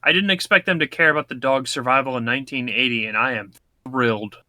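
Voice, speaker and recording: A man's voice: mid-range voice, fast, sharp tone. A man co-hosting a podcast, riffing on a movie with dry, sarcastic quips. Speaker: podcast co-host.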